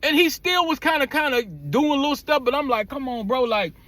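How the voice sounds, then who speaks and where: A man's voice: very high-pitched, moderate pace, no room sound. A man from the United States telling a blunt, profane story in a casual rant, acting out the people in it. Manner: blunt, profane, animated retelling with acted quotes. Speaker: vlogger.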